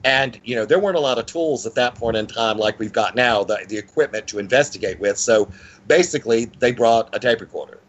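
A man telling a personal story as an interview guest, in a lively conversational way with frequent restarts. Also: brisk, dull audio. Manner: animated, with frequent pitch swings and restarts.

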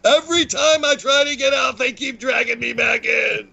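A man in his sixties doing a quick impression of a fed-up male mob boss, loud, strained and pitched high. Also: creaky, slightly rough, full character voice. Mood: exasperated. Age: 60s.

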